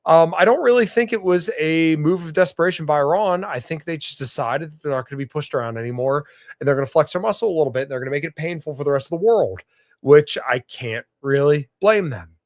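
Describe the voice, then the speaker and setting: A man hosting a podcast, reading news articles aloud and adding casual commentary, with a stuffed-up nose and a halting delivery full of fillers and restarts. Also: fairly high pitch, expressive, no room sound, clean studio sound. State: stuffed up, sniffling. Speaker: podcast host.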